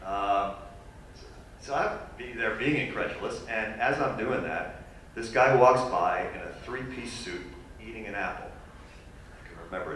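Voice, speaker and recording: A man telling a funny personal story as a guest speaker at a university lecture, animated and self-deprecating. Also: lowish voice, a little hiss or hum. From New York. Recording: echoey hall recorded from far off.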